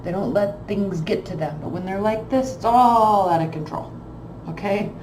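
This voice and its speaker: A woman's voice: medium pitch, normal speed, a little mellow, roomy sound, a little hiss or hum, poor audio. A woman reading tarot cards in a blunt, emphatic way, repeating phrases for stress. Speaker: tarot reader.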